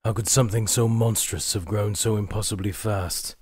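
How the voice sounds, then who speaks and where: A man voicing a gruff, battle-worn warlord in an audiobook, growling and commanding. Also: on the low side, steady tone, normal speed, a little mellow, no echo, clean studio sound. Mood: stunned.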